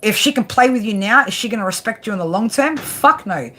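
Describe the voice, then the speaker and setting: A woman's voice: a little high, animated, fairly quick, pushed and bright, a little hiss or hum. A woman giving a live tarot reading to viewers, blunt and swearing constantly, tagging her lines with "right?". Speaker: tarot reader.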